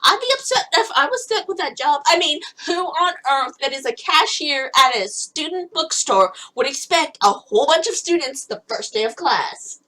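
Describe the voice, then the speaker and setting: Eine junge Frau liest beschwipst ein Visual Novel vor, plaudert locker, kichert viel und schweift ab. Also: female voice, sits high, expressive, normal speed, few pauses, bright, forceful tone, rough recording. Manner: giggly, rambling. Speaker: let's play host. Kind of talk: tipsy casual game reading.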